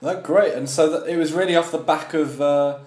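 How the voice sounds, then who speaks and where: A man's voice: on the high side, steady tone, moderate pace, a little mellow. A man hosting a podcast, asking friendly, teasing questions in casual chat. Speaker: podcast host. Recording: roomy echo.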